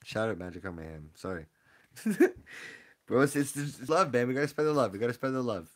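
Excitable young man live-streaming. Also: mid-range voice, fast talker. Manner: excitable, rambling, hypes up the audience. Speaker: streamer opening trading card packs. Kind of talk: casual live-stream chat with viewer shout-outs.

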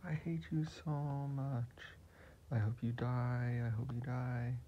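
A man voicing a big, mean winged villain who is hateful and melodramatic, speaking a little higher than his own voice. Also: flat delivery, slow, warm tone, close to an everyday voice. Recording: muffled lo-fi recording with hiss.

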